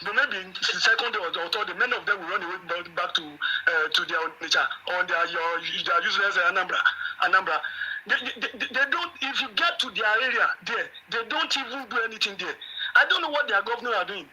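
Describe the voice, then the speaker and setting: Nigerian male caller, high very bright voice, halting delivery. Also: expressive, slightly rough, dull audio. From Ibadan, Nigeria. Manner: halting, stammers and repeats.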